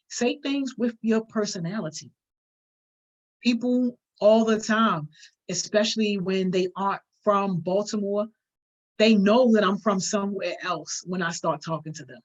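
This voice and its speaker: Emphatic, slangy woman coaching public speaking. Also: lowish voice. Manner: conversational, emphatic, uses slang freely. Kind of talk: live-streamed workshop, reading viewer comments. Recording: dull lo-fi stream audio.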